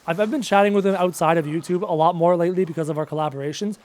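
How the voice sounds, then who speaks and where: High-voiced chatty man streaming a game. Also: fairly even intonation, racing, darkish tone. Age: late 20s. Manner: chatty, answers chat questions aloud, self-mocking jokes. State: voice wearing out, losing his voice. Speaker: live streamer. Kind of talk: casual live-stream chat while playing.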